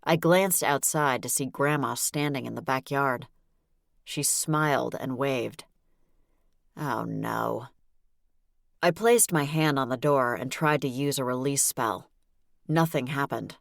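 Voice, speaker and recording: A woman narrating a novel in the first person, with a wry, brisk delivery. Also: very deep voice, no room sound, clean studio sound. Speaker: audiobook narrator.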